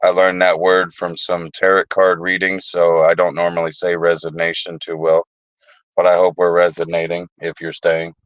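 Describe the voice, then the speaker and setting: A man with a very low voice hosts a casual livestream, drifting from one profane story to the next. The sound is dry and close, with no room in it. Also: monotone, moderate pace, clear, resonant tone, dry recording, low-quality recording. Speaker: livestream host.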